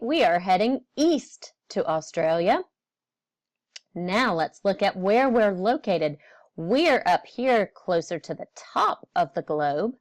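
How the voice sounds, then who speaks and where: A woman teacher leading young children on a virtual field trip lesson, asking the class questions and confirming their answers. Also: fairly low pitch. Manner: lively, bright teacher voice.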